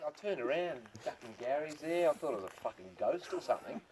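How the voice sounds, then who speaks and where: A man's voice: on the high side, lively intonation, quick pace, a little mellow. A male stand-up comedian with an Australian accent, telling crude jokes and swearing stories to a small crowd at a farm party. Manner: crude, laid-back, swearing storyteller. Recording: crowd noise behind. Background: crowd laughing.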